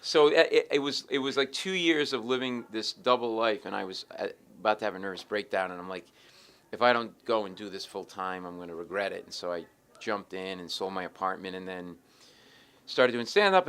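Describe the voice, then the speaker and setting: A middle-aged man, a comedian telling animated stories in an interview and acting out the people in them. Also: fairly low pitch, clear, resonant tone. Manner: acts out the other people in his stories, quick and lively. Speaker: stand-up comedian, interview guest.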